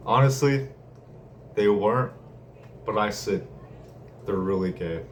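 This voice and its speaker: A man's voice: fairly low pitch, unhurried, pauses often. A young man rambling casually with lots of slang and laughter while telling a story from his day. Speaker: vlogger. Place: room at home. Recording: distant mic, faint room noise.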